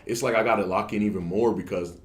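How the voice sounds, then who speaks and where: A young man from Ohio, a college football player, talking casually as an interview guest in a loose, relaxed way. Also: fairly low pitch, quick pace. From Canton, Ohio. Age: young adult. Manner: relaxed, loose talk with frequent "like" fillers.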